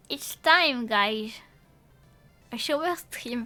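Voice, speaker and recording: Young lady streaming, high voice, keeps restarting her sentences, swears for fun, soft music behind. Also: lively intonation. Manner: rambling and halting, with many restarts, playful swearing. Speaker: VTuber streamer. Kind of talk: casual live-stream chat.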